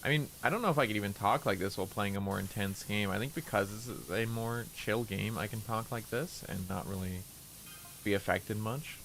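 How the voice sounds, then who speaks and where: A man casually chatting on a game stream, speaking in a relaxed, low-key and unexpressive way, deliberately keeping his voice in a lower register. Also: vocal fry, slight background noise. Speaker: livestreamer.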